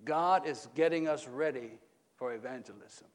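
At a moderate pace, a middle-aged pastor alternates loud emphatic moments with quiet low stretches in his sermon. He uses call-and-response preaching, regularly posing questions to the congregation.

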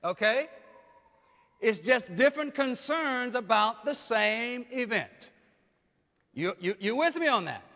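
High-voiced preacher man. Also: sing-song, slow, gravelly, long pauses. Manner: call-and-response preaching, asks the congregation questions; rises to loud emphatic peaks. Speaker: pastor. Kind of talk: sermon. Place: church. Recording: dull lo-fi church hall recording.

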